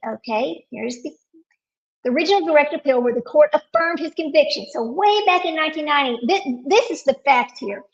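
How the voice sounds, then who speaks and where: A woman's voice: high-pitched, dull audio. A woman hosting a casual live stream, talking to viewers while searching her computer and getting frustrated.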